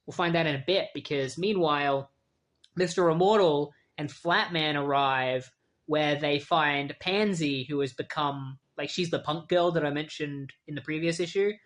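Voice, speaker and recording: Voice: mid-range voice, moderate pace, a bit bright. Casting note: a casual comic reviewer who rambles with fillers and wry asides, in a mid-range voice. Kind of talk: casual comic book recap.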